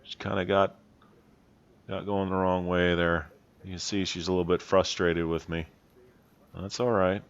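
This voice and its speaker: A horse trainer with a deep, low voice calmly narrates footage of his own riding, explaining things plainly and openly admitting his mistakes. He speaks at a moderate, smooth pace with frequent pauses. The audio is somewhat dull and lo-fi.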